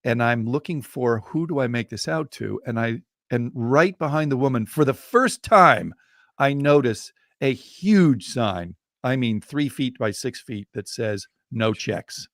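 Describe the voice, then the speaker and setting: An older man telling a story in a casual podcast chat, animated and acting out the people in it. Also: medium pitch, a little slow, no room sound, studio quality. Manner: animated, acts out the people in his stories. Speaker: storyteller and co-host.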